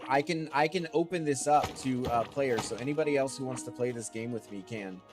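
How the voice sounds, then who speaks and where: A chatty man rambling through casual commentary while he plays, chatting back to viewers as he goes. His voice sits at an ordinary middle pitch with a stuffy, congested edge left over from a cold, and game music runs steadily underneath. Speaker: streamer.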